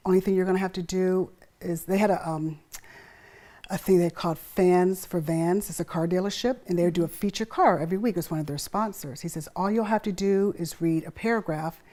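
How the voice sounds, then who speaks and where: A middle-aged woman telling stories in a casual interview, acting out quotes with big pitch swings and laughter. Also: a little fast, dark tone. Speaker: guest.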